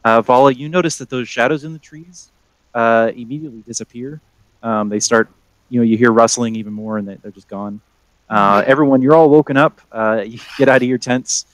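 A man's voice: medium pitch, fairly even intonation, brisk, no echo, rough recording. Hesitant man running a tabletop game. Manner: hesitant, many ums and uhs. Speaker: game master.

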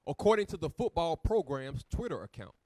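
Male reader, steady read-aloud voice, lively pitch. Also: brisk, no room sound. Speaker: reader of texts for the teacher. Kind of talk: reading articles aloud.

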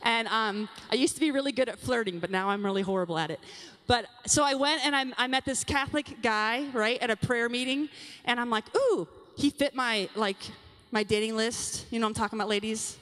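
A young woman speaking to a women's session at a youth conference, animated and confiding, talking straight to the audience. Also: on the high side, a little fast. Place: large conference hall. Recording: long hall reverb from a large venue.

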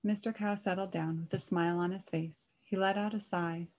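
A woman reading a rhyming children's story aloud, in a gentle and expressive way. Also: fairly low pitch, moderate pace.

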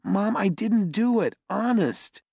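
A man voicing an excited, insistent boy. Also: fairly high pitch, moderate pace, vocal fry, slightly rough, no room sound, studio quality, pitched above the performer's own voice, heavily acted.

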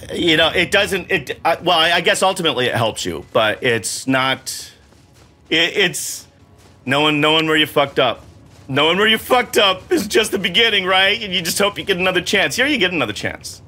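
Excitable middle-aged man, lively high voice. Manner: exclamatory, self-mocking, swears freely. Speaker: gaming channel host playing while his son coaches. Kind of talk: excitable gameplay commentary.

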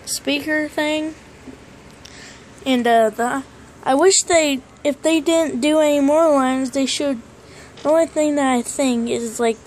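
A woman giving a casual, halting toy unboxing review, playfully putting on a silly accent. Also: sits high, slight background noise.

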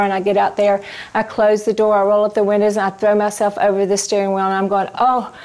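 A woman in the middle of her natural pitch range shares a personal testimony of faith with a live audience. Her storytelling is expressive, and she often turns to ask her listeners questions. At tender moments she drops into soft, hushed tones. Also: fast talker. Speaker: Christian ministry speaker.

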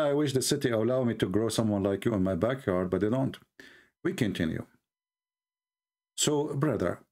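A man's voice: lowish voice, vocal fry, a little mellow. A man hosting a mocking commentary, sarcastic, laughing often, in broken English. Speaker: channel host.

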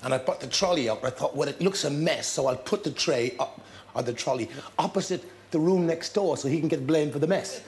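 A man, a talk show guest, telling lively anecdotes with laughter and acted-out scenes. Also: a little high, a little fast, heavy background noise. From Ireland. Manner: storytelling with laughter, acting out scenes.

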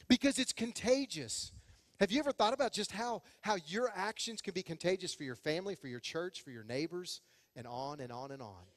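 Animated pastor preaching in a big hall. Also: male voice, high-pitched, a little fast. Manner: animated, acts out quoted voices. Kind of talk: sermon. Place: church sanctuary.

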